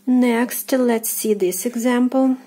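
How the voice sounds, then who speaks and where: Russian woman language teacher, Russian accent, unhurried, mellow tone, patient drilling. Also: a little high, steady tone. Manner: patient, repeats words slowly, hesitant fillers. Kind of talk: pronunciation lesson.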